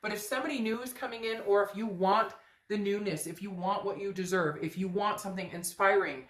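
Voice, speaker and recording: A woman's voice: mid-range voice, steady tone, a little fast. Earnest woman giving a tarot reading. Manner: earnest, emphatic, repeats phrases. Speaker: tarot reader. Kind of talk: tarot reading addressed to viewers. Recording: echoey room.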